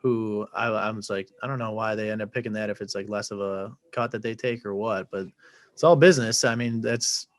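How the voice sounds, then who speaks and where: A man's voice: lowish voice, steady tone, fairly quick, no echo. A man talking as a podcast guest in a laid-back, profane way, full of fillers. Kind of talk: casual podcast chat.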